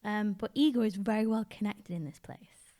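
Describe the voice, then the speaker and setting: A woman co-hosting a travel podcast, recalling details casually with many fillers and pauses. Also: medium pitch, mellow. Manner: easygoing, hesitant recollection with many fillers. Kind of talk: casual conversational storytelling.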